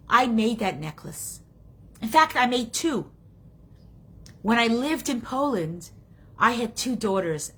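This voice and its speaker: A woman voicing a frantic, grieving old grandfather who is a goldsmith, in a quiet, tearful, pleading way. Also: medium pitch, slightly rough, voice pushed down, exaggerated voice.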